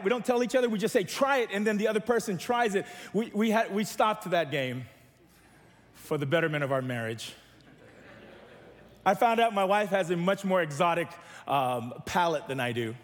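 High-voiced pastor preaching in a reverberant church. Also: male voice. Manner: preaching with humor and call-and-response to the church. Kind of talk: sermon.

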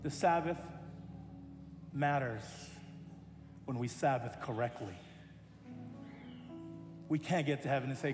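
A man pastor telling an animated story in a sermon, acting out the voices of the people in it. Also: mid-range voice, unhurried, long pauses. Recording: echoey hall with music.

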